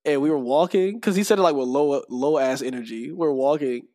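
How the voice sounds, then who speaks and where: A man telling stories as a podcast guest, animated, often breaking into laughter. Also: a little high, brisk. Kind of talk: casual chat.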